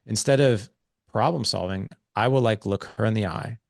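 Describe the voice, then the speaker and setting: A man's voice: on the low side, normal speed, creaky, darkish tone, dry recording, studio quality. A man guest on a podcast, talking casually and loosely with many fillers as he tells stories and explains his ideas. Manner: loose, filler-heavy, storytelling. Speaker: podcast guest, men's coach.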